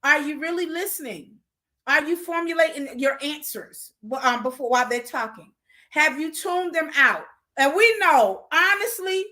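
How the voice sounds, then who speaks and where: A woman hosting a relationship advice talk, chatty and informal, with features. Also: sits high. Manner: chatty, warm asides to her pet mid-talk. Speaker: host.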